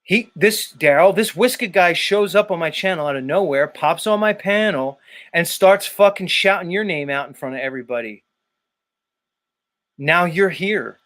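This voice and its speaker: A man hosts a livestream from a dark room, ranting heatedly and profanely at his chat while repeating people's names. His voice is high and fairly bright, at a normal speed.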